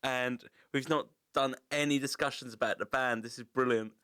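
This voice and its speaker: A man's voice: mid-range voice, fairly even intonation, moderate pace, bright, forceful tone, smooth, no room sound, clean studio sound. A man, hosting a podcast in casual chat, swearing and joking. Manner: sweary, laughing banter. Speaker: podcast host.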